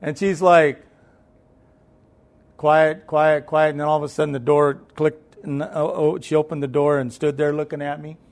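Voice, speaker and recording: A man telling a personal story as a guest, animated and conversational, acting out the voices in it. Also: fairly high pitch, fairly quick, creaky, few pauses. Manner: conversational, with repeated fillers and restarts.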